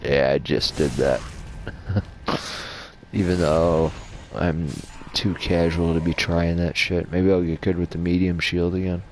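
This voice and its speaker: A man's voice: sits low, fairly even intonation, unhurried, a little hiss or hum. A man casually rambling and swearing as he talks through game lore over his gameplay. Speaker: gaming channel host.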